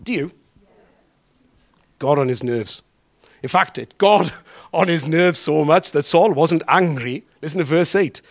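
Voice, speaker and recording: A man preaching a sermon, drawing out key words and throwing questions to the congregation. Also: fairly high pitch. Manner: animated, drawn-out emphatic phrasing with questions to the congregation.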